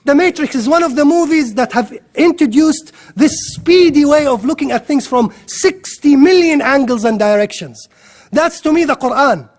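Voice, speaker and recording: A man giving an impassioned Islamic lecture, excitable and firing rhetorical questions at his audience. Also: extremely high pitch, normal speed.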